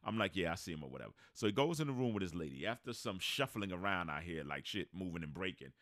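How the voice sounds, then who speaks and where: Here a podcast co-host speaks quickly in a low voice, recorded at studio quality without echo. He's an animated storyteller working through a long, casual story, slipping into the voices of the people he quotes.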